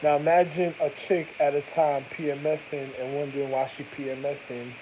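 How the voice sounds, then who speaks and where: Rambling, profane man, slightly high voice. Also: flat delivery, fairly quick, background noise. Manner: profane, slangy, jumps between thoughts. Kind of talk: rambling casual monologue.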